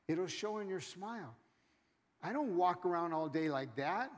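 High-voiced male pastor preaching in a hall. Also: lively intonation, a little slow. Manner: preaching with call-outs to the congregation; acts out churchgoers in quoted asides. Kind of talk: sermon. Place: church sanctuary. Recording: reverberant church hall with congregation. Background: congregation.

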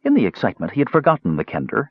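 A man narrating a fantasy novel in an expressive storytelling voice. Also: mid-range voice, very fast, no room sound. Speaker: audiobook narrator. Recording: dull lo-fi recording.

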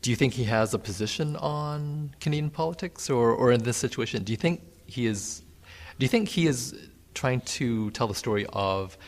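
A man with a low, gravelly voice talks through a film in a relaxed podcast chat. He hesitates often, filling pauses with ums and restarting his sentences. His voice rings out with a long, hall-like reverb. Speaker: podcast co-host. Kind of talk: casual film discussion.

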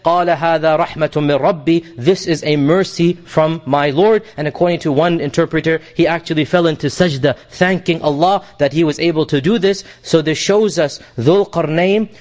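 A man giving a Quran commentary lesson, explaining patiently, repeating his points and reciting Arabic verses quickly. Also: on the high side, darkish tone. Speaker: Islamic teacher.

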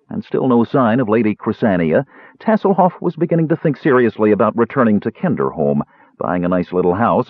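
A man narrating a fantasy story aloud in an expressive storytelling manner. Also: lowish voice, dry recording. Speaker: audiobook narrator. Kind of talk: scripted narration. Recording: tinny phone-like sound.

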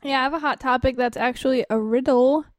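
A woman's voice: sits high, steady tone, fast, no echo. A woman co-hosting a podcast in casual comedic chat, teasing and laughing often. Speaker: podcast co-host.

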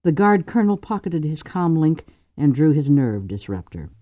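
A man narrating a novel in a measured, dramatic audiobook reading. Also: a little high, sing-song, no echo, dull audio. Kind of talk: scripted narration.

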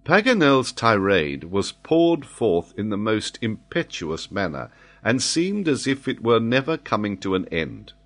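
A man narrating a classic adventure novel as an audiobook in an expressive, measured storytelling manner. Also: fairly low pitch.

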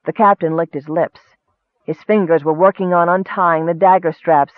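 A man narrating a fantasy story in steady storytelling, lifting his voice for action. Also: a little high, moderate pace, dry recording. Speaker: audiobook narrator. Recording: dry, tinny phone-like sound.

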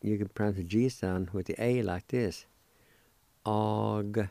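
Slow, deliberate man teaching Cherokee words. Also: on the low side, vocal fry, mellow, dry recording. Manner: slow, deliberate, drawn-out syllables. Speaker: language teacher. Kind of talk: spelling and pronouncing words.

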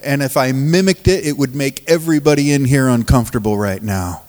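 A man preaching as a pastor of a recovery ministry, telling stories from the pulpit in a halting, restarting way and often laughing as he talks. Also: medium pitch, darkish tone, in a large hall. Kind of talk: sermon with storytelling. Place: church sanctuary.

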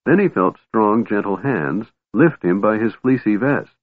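A man narrates a fantasy novel in a steady, measured audiobook reading. His voice sits very low and husky. The recording is dry and thin, like a telephone line. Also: no echo. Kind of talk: scripted narration. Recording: tinny phone-like band, dry.

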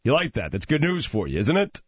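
A man co-hosting sports talk radio, laid-back and quick with quips, on a dull lo-fi recording. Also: mid-range voice, huge pitch swings, slightly rough. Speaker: radio co-host.

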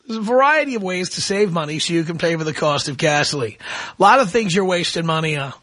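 Middle-aged radio host guy mocking callers, sharp bright tone, dead dry studio sound. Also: fairly high pitch, animated, fast talker, no echo. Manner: ranting, mocking, sarcastic. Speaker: radio talk show host. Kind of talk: opinionated talk radio monologue.

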